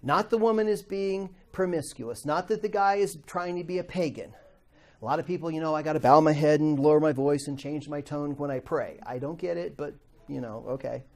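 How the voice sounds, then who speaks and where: A man's voice: on the high side, a little fast. A middle-aged man teaching a Bible class in a conversational way, asking the class questions and acting out quoted voices.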